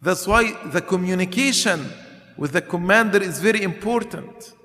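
A man preaching a sermon slowly and emphatically, counting off his points and asking rhetorical questions. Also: high voice, bright, forceful tone. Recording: long hall reverb.

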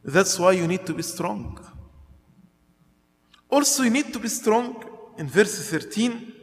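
A man preaching a sermon slowly and emphatically, counting off his points and asking rhetorical questions. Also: high voice, expressive. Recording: long hall reverb.

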